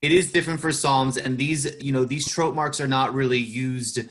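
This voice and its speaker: A man who is a cantor explains scripture chant marks in a class discussion over a video call, pausing and restarting as he thinks. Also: mid-range voice, fairly even intonation, a bit bright. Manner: thoughtful, halting with restarts.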